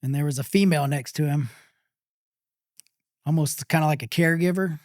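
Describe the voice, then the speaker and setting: A middle-aged man from Texas, a pit master guest, telling a personal story in an interview, halting and full of pauses and fillers. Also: on the high side, no room sound, studio quality.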